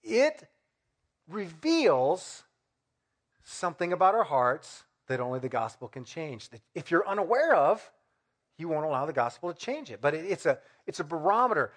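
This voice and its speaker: A man's voice: on the high side, sing-song, normal speed. A middle-aged man preaching a sermon in a conversational way, asking rhetorical questions and acting out everyday examples. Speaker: pastor.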